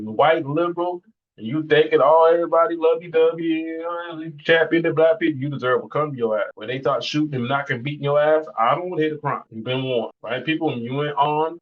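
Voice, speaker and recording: A man's voice: a little high, fairly bright tone. A man hosting a podcast, reacting in blunt, profane, heated commentary that rambles and repeats itself. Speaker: podcast host. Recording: slightly muffled lo-fi sound.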